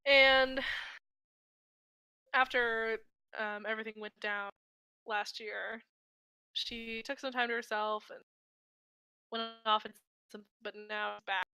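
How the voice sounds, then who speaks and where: Bright, higher-pitched young woman gamer. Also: fairly even intonation, slow, pauses often, smooth, dry recording. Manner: casual and a bit sweary. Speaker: tabletop game player. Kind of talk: casual chat introducing her character.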